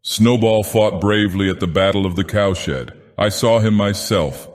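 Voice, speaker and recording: A man voicing a slow, honest male cart horse in an audiobook, earnest and plain-spoken. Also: on the low side, lightly acted. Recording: long hall reverb.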